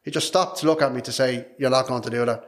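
A man's voice: medium pitch, fast. An Irish man, a podcast guest, telling a personal story in a frank, emotional, rambling way, repeating his words. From Ireland.

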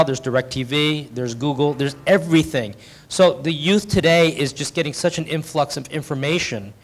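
A man on a discussion panel speaking emphatically and hopefully, adding quick rhetorical asides as he makes his point. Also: mid-range voice.

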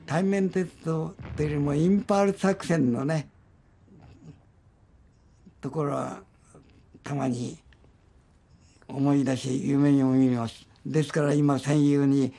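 A man's voice: medium pitch, steady tone, moderate pace, vocal fry, long pauses, dark tone, a little hiss or hum. A man in his nineties from Japan, a former soldier, recalling the past in an earnest, reflective way. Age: 90s. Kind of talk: interview recollection.

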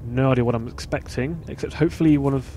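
A man talks through a horror game at a middling pitch. He is casual and a bit jumpy, muttering asides to himself as he plays. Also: fast talker, mellow, a little hiss or hum. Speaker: let's play host. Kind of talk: casual gameplay commentary.

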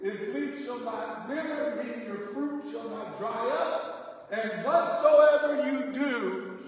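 A male pastor preaching a sermon in call-and-response, asking the church to finish his lines and rising to shouts on key points. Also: very high voice, takes it slowly. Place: church sanctuary. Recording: echoey church hall, mic far off.

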